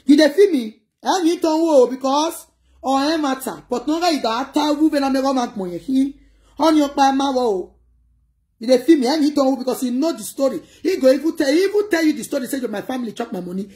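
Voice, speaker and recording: A Nigerian woman chatting casually to her viewers on a livestream, in an animated way that mixes pidgin with another local language. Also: high-pitched, fairly quick. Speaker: livestream host.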